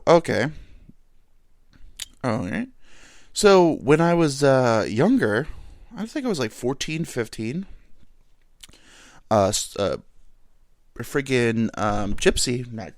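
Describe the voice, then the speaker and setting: A man's voice: mid-range voice, no echo, studio quality. A man hosting a solo comedy podcast who rambles loosely between tangents and swears freely. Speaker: podcast host.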